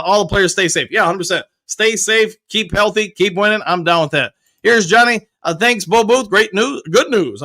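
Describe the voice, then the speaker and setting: A male show host chatting casually on a livestream and reading viewer comments in an upbeat, chatty way, with loud whoops thrown in. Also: high voice.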